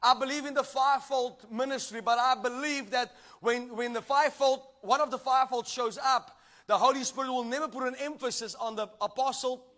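A man with a strikingly high voice delivers a sermon. He preaches emphatically, drawing call-and-response from the congregation and rising to shouted lines. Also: fairly even intonation, fairly quick.

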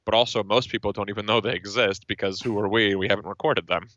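Male band guest, low bright voice, dry muffled lo-fi audio, thoughtful and meandering. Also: steady tone, fast talker, dry recording. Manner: thoughtful, lots of fillers and restarts. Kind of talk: casual interview. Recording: dull, dry lo-fi sound.

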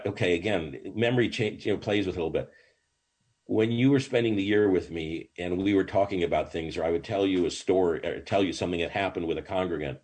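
Older man with a low, husky voice. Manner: animated, swooping storyteller with many false starts. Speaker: rabbi. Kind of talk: storytelling in a podcast interview.

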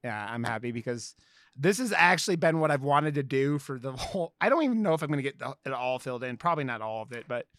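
Excitable swearing podcast co-host. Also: male voice, mid-range voice, fast talker, no room sound. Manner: excitable, swears, laughs mid-sentence. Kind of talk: casual chat.

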